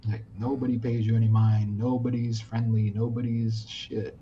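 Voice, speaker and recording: American man telling animated stories, muffled sound. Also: on the low side, normal speed, slight background noise. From United States. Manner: animated storyteller, acts out quoted speech. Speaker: podcast guest. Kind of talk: casual chat.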